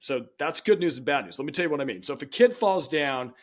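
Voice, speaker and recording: Animated man telling a parenting story. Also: a little high, quick pace. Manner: animated, acts out quoted voices. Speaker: podcast guest. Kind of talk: storytelling in interview.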